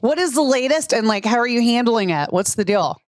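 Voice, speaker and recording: Wry higher-voiced woman host. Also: lively intonation, brisk, no room sound. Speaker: podcast co-host. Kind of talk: casual podcast chat.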